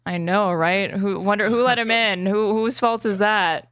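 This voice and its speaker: A woman's voice: mid-range voice, steady tone, moderate pace, a bit bright, smooth, no room sound, studio quality. Blunt teasing woman hosting. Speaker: host. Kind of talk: casual chat.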